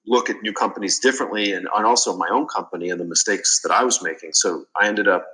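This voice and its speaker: Male podcast guest, low pitch, bright and forceful delivery, talks earnestly. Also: quick pace, poor audio. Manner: earnest storytelling with fillers and restarts. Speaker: guest, business consultant. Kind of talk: casual interview.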